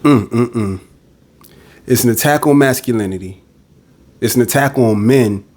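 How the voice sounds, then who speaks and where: Blunt and direct, a man vents during a casual podcast monologue, acting out what others said. He speaks at normal speed with a medium-pitched, slightly mellow voice.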